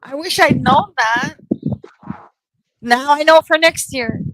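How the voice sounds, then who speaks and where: A woman's voice: sits high, takes it slowly, a bit bright, no echo, poor audio. A woman chatting casually as a stream co-host, talkative and swearing casually. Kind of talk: casual chat.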